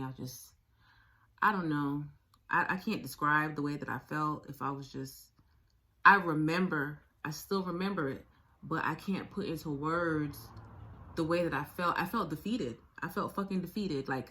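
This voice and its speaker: A woman telling her own story to her viewers, speaking frankly with swearing, halting often and repeating her phrases. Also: deep voice, a bit bright. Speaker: video blogger sharing a survivor story. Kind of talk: candid personal storytelling.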